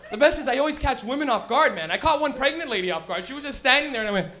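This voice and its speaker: A young Canadian man hosting a comedy show, doing a loud, profane stand-up set and laughing at his own jokes on stage. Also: very high-pitched, animated, rapid-fire. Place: comedy club stage, audience.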